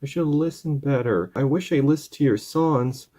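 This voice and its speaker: Give me a man playing an earnest young heroine, soft and apologetic. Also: mid-range voice, normal speed, voice pushed up, natural voice.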